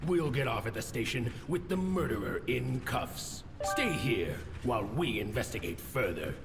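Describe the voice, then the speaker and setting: A man's voice: mid-range voice, sing-song, moderate pace, vocal fry. A man voicing officious male crow detective agents in a video game, speaking in a stiff, commanding way. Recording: reverberant game audio with music.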